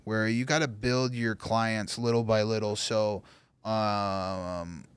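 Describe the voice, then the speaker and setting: A man being interviewed as a guest artist, talking earnestly and rambling with halting restarts. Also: lowish voice, steady tone, smooth, dry recording. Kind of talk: casual interview talk.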